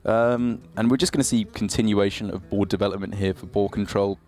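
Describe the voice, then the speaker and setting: A man's voice: lowish voice, steady tone, brisk, darkish tone. A man giving analytical live commentary on a card game tournament, laughing easily between plays. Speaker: esports caster.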